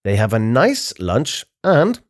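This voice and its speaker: A man reads a children's fairy tale aloud, slowly and clearly. His pitch rises and falls a great deal as he paints each moment. It suits a bedtime listening pace. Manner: slow, expressive storytelling. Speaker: narrator. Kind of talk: children's story reading.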